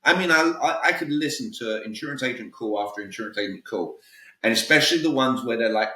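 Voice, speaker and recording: A man's voice: medium pitch, animated, quick pace, sharp tone, distant mic. A man with a British accent, a guest communication coach giving direct, emphatic advice in a podcast interview, often checking in with "all right?". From Britain. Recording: roomy echo, voice a bit off-mic.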